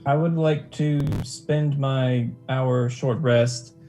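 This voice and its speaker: A man playing a tabletop game, halting and breaking off his sentences. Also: medium pitch, fairly even intonation, dark tone, soft background music. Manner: halting, self-interrupting. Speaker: player.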